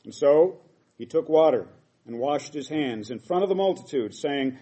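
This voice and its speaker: A man's voice: on the high side, lively intonation, moderate pace, warm tone. A middle-aged man preaching a sermon, reading scripture aloud and explaining it with emphatic quoted lines.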